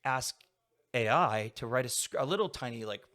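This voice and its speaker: A man's voice: medium pitch, lively intonation, moderate pace, a bit bright. A young adult man talking casually as a podcast guest, rambling and filling his sentences with "like". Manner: rambling, heavy use of "like" fillers. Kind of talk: casual conversation.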